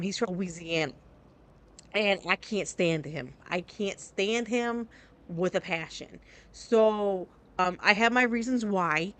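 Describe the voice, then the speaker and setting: A chatty streamer, a woman whose voice sits at an ordinary middle pitch. She talks to her chat in a loose, candid ramble, circling back and restarting her thoughts as she plays. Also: bright, forceful tone. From New Jersey. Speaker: game streamer. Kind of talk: casual live-stream chat.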